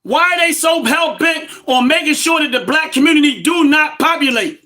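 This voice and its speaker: A man, hosting a livestream and ranting about politics loudly and emphatically, repeating his points. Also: very high voice, moderate pace. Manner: loud, emphatic and repetitive, laughs between points. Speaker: livestream host.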